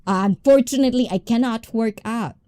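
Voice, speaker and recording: Woman chatting on her stream, super animated, mellow tone, dry close sound. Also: fairly high pitch, brisk, no echo. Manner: animated, passionate, mixes English and Tagalog. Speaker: livestream host. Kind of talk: casual live-stream chat with viewers.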